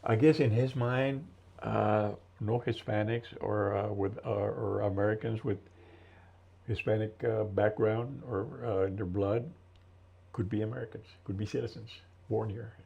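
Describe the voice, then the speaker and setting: Gravelly older man, halting and reflective. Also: fairly low pitch, fairly even intonation, dark tone. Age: 70s. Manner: halting, slow and thoughtful, many restarts. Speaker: interview guest, military veteran. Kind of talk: reflective interview storytelling. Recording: dull lo-fi recording.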